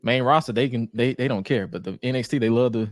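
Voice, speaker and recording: A man's voice: mid-range voice, fast, no room sound. A man chatting casually about wrestling as a guest, with lots of restarts and frequent laughter. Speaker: podcast guest. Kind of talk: casual chat.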